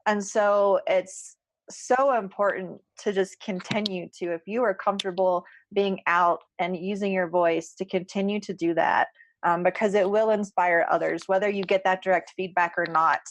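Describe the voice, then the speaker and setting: A woman's voice: mid-range voice, fairly even intonation, normal speed, slight background noise, rough recording. A woman co-hosting a podcast roundtable, speaking earnestly and close to tears, often repeating words. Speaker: podcast co-host. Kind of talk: emotional roundtable chat.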